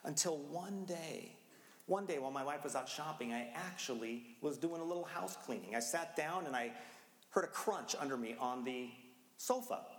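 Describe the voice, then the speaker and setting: A middle-aged man with a slightly high voice preaches like he is chatting with friends and bursts into frantic playacting. He sounds like he is in a big church auditorium, his words trailing off into a long, roomy echo. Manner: conversational preaching, acting out his own rushed outbursts. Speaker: pastor. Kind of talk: sermon. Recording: echoey hall, long reverb.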